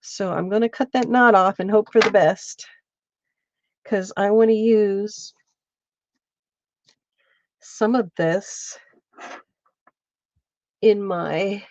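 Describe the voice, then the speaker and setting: A woman's voice: mid-range voice, takes it slowly, long pauses, a little mellow, muffled recording, slight background noise. A woman hosting a casual livestream stitching demo, thinking aloud and greeting viewers by name. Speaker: craft show host. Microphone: streaming setup mic.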